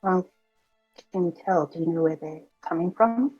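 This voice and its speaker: A woman voices her character in a tabletop game, hesitant and full of "um"s. Her voice is low and mellow with a husky edge. The sound is dull and muffled. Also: normal speed, soft background music. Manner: hesitant, many "um"s. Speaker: player.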